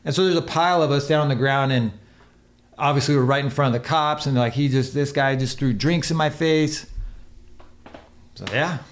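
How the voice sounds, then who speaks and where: A man's voice: mid-range voice, normal speed. A man who is a podcast guest and former motocross racer, telling a long, rambling, profane story in casual chat and acting out the quotes.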